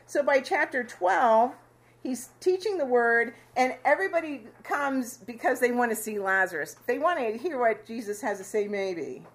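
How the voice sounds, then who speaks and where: A woman casually teaching a Bible passage to a small fellowship group, chatty and quick to laugh with them. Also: on the high side, lively intonation. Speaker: Bible study leader.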